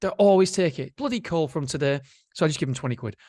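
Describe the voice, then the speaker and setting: A man hosting a solo motivational podcast, chatty and animated, swearing casually. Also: a little high, quick pace, dry recording, studio quality. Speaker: podcast host.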